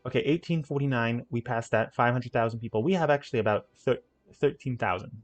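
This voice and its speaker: A man's voice: mid-range voice, brisk. Rambling man narrating a city-builder game. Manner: rambling, self-correcting, playful asides. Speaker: gaming channel host. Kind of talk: casual let's-play commentary.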